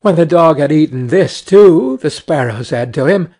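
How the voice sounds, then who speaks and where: A man narrating a fairy tale slowly and clearly for English learners. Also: a little high, animated, darkish tone.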